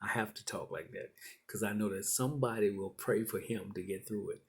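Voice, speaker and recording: A man's voice: fairly low pitch, fairly quick, a little mellow, breathy edge. A middle-aged man preaching a sermon, building in repeated encouraging phrases. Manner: repetitive, encouraging preaching cadence.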